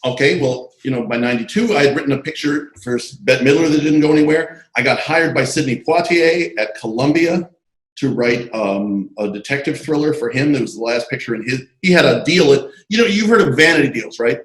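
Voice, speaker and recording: A man being interviewed about his screenwriting career, telling animated, digressive stories full of asides over a video call. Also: medium pitch, brisk, reverberant, rough recording. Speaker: interview guest, screenwriter and comic artist. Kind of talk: casual anecdotal storytelling.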